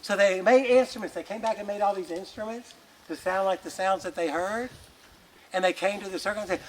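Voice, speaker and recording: Male folk storyteller, high-pitched, animated, colloquial. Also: a little fast, a little hiss or hum. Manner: animated, folksy, with colloquial asides.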